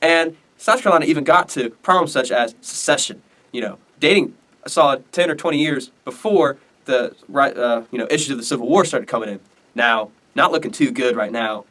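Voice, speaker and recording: A teenage student presenter casually explaining history in a loose, rambling, slangy way. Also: male voice, mid-range voice, a little fast, sharp tone, far from the mic.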